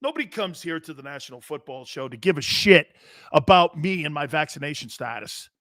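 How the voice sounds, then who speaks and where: Excitable talk-show man, bright and dry. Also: fairly high pitch, a little fast, no echo. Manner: loud, excitable, storytelling with bursts of shouting and laughter. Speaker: sports talk show host. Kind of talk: casual rambling sports talk.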